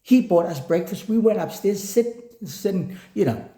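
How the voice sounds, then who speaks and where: A man telling a lively motivational story about not giving up, switching between English and another language and acting out what others said. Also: high voice, unhurried, echoey room. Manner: animated, switches between English and Samoan, acts out quotes.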